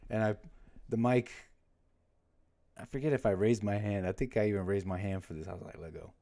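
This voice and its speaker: A man's voice: on the low side, fairly even intonation, fairly quick, mellow. A man hosting a livestream, chatting casually and rambling, often breaking off his own stories with jokes. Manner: rambling, self-interrupting, jokey. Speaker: livestream host.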